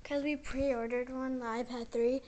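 Bubbly, high-voiced American vlogger girl. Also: flat delivery, moderate pace, warm tone. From United States. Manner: bubbly, rambling, filler-heavy with lots of "like". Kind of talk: casual vlog chat. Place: home.

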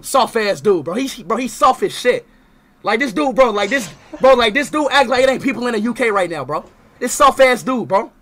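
A young man livestreaming, taunting and trash-talking loudly, often breaking into shouts. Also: very high voice, lively intonation, a little fast. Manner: loud, taunting, swings to shouting. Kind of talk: heated livestream banter.

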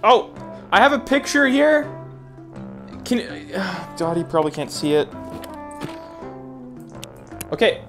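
A man giving jokey, rambling gameplay commentary who breaks into panicked shouts. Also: high-pitched, big pitch swings, slow, long pauses, music in the background. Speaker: VR gaming YouTuber.

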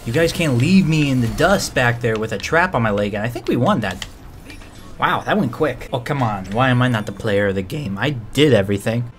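Excitable trash-talking gamer guy. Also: mid-range voice, fairly quick. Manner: excitable, trash-talking, frequent shouted outbursts. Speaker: gamer and video creator. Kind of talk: let's-play commentary.

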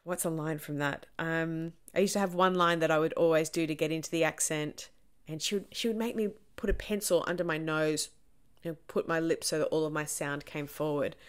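A woman's voice: low-pitched, steady tone, a little fast, smooth. A woman actor, answering questions in a chatty, self-deprecating way with lots of ums. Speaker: stage actor. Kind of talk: casual Q&A answers to camera.

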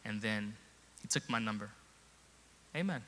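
A male pastor telling a humorous story in a sermon, animated, swinging from quiet asides to loud emphasis. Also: lowish voice, measured pace, slight background noise. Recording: long hall reverb.

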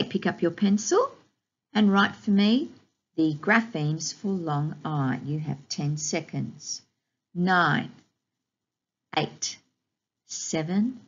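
Slow, clear woman teaching phonics. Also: on the low side, lo-fi sound. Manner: slow, clear, encouraging instruction with drawn-out sounds. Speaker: primary school teacher. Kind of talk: recorded phonics lesson for young children.

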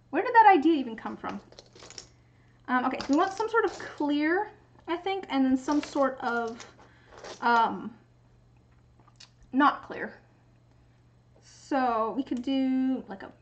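A young woman with a high, bright-sounding voice chats casually while she crafts on a livestream. She rambles and muses aloud between tasks. The audio is slightly muffled and dull. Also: a little hiss or hum. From United States. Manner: rambling, musing aloud, reading chat.

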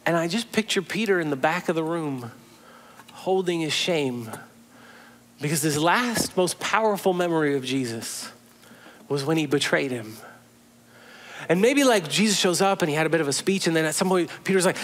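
High-voiced man preaching a story-driven sermon. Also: expressive, moderate pace, a bit bright. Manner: conversational storytelling, imaginative asides. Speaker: pastor.

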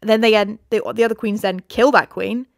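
Woman co-host, casual book-club chat, gravelly edge, dry close sound, sweary and animated retelling. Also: fairly high pitch, dry recording. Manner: swears freely, retells plot with quick quoted voices. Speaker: podcast co-host.

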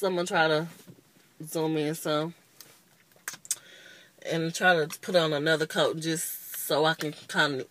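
A woman's voice: deep voice, fairly bright tone. A woman in her twenties giving a casual, rambling makeup review, openly annoyed and chatty. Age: 20s. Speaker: beauty vlogger.

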